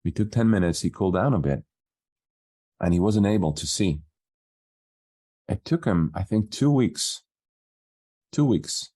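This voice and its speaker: Brief: low-pitched male business coach, relaxed podcast storyteller who voices the quoted dialogue. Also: unhurried, long pauses, husky.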